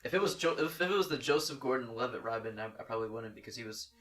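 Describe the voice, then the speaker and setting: A man's voice: medium pitch, expressive, very fast, fairly bright tone, recorded from a distance. A young man co-hosting a casual podcast, rambling enthusiastically with lots of fillers. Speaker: podcast co-host. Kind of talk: casual chat.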